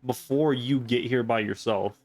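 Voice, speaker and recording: A man's voice: medium pitch, moderate pace, darkish tone, no echo. A young man giving sardonic, profane commentary while playing a game, mocking the story. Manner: sardonic, swears, mocks the story. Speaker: let's play host. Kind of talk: comedic gameplay commentary. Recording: faint background game music.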